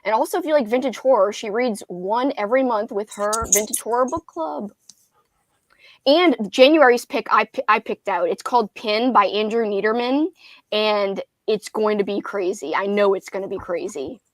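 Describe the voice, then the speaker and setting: A woman's voice: medium pitch, moderate pace, dry recording. A young woman hosting a casual book livestream, chatty and giggly, reading viewer comments aloud. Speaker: booktube livestream host.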